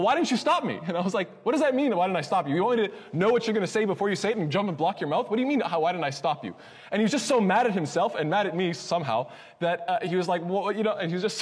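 A man teaches a religious lesson, telling a story and acting out both sides of the dialogue. His voice is somewhat high, husky and quick. He rises and falls a lot in pitch, and his words trail off into long hall reverb. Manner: animated storytelling, acts out dialogue; frequent restarts and Islamic phrases. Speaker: Islamic lecturer. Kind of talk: religious lesson with personal anecdote.

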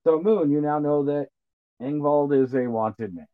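A man's voice: a little high, measured pace, no echo. A man running a tabletop game as game master, talking in a casual, laid-back way. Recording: muffled phone-like line.

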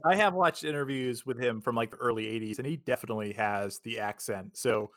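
A man at mid pitch speaks hesitantly, with lots of "uh" and "like", in a dry, close recording. He chats casually with his co-hosts. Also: a little fast, dry recording. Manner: hesitant, filler-heavy. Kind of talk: casual podcast chat.

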